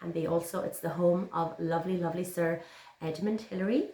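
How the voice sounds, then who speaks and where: A woman's voice: on the low side, fairly even intonation, fairly quick, mellow. A woman teaching young children, encouraging and sing-song as she reads a picture book aloud. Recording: roomy echo.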